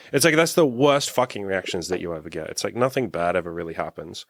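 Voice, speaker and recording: Animated, swearing coaching host. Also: male voice, deep voice, fast talker, gravelly, few pauses. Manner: animated storyteller, acts out quotes, swears casually. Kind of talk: casual podcast interview.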